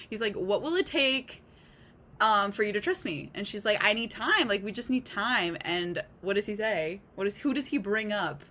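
A woman's voice: medium pitch, animated, normal speed, sharp tone, slight background noise. A young woman in casual chat, giggling and swearing as she retells a fan fiction story.

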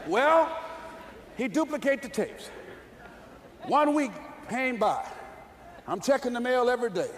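A man giving a lively, folksy motivational speech to a live audience, telling a story with punchy delivery. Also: very high-pitched, a little slow, pauses often, big-room sound, a little hiss or hum. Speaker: motivational speaker.

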